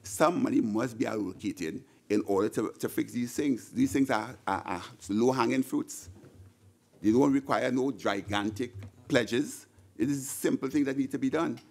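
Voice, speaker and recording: In the senate chamber, a middle-aged man with a Trinidadian accent from Trinidad and Tobago delivers a heated budget speech into a desk microphone. His mid-range voice is gravelly and moderately paced, and he tends to repeat words and restart.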